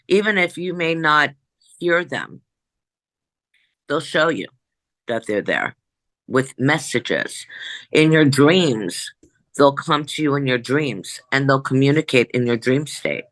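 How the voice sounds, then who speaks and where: A woman, a psychic medium, telling a story in an interview in an animated way, jumping back and forth and acting out what people said. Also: a bass voice, no echo, poor audio. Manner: animated, jumps back and forth, acts out quoted dialogue.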